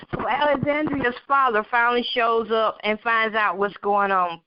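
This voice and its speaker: A woman's voice: medium pitch, steady tone, normal speed, hardly any pauses, no room sound. A woman reading her own story aloud, earnest, with occasional slips and asides. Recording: dull, dry lo-fi recording.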